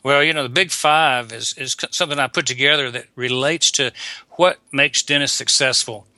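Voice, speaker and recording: Bright-voiced older man. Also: mid-range voice, no echo. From Atlanta, Georgia. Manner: folksy, unhurried, with frequent restarts. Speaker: guest dentist and coach. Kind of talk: casual interview talk. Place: visiting abroad, remote call.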